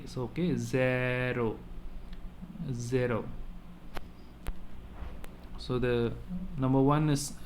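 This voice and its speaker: A man teaching French to a class, going very slowly and saying each word over and over. His voice sits at a middle pitch, with a faint ambient hum behind him. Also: darkish tone. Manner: slow, repeats each word several times. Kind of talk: online classroom lesson.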